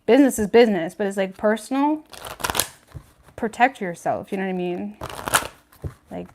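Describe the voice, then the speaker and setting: The recording is very noisy as a woman with an animated, mid-range voice gives a casual tarot reading on a livestream at normal speed. She's frank and talkative, full of "like" and "you know what I mean," laughing between her points.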